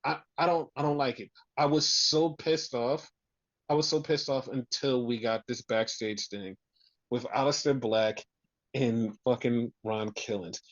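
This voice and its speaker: A man's voice: mid-range voice, steady tone, a little slow, no room sound, dull audio. A man co-hosting a podcast, recapping wrestling in casual, profane chat and acting out the wrestlers' lines. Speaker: podcast co-host.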